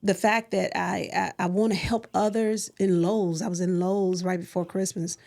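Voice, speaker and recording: A woman's voice: on the low side, level tone, moderate pace, creaky, darkish tone. A woman, a singer, sharing her personal story in a casual podcast conversation and acting out the voices of the people she quotes. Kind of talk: casual testimony chat.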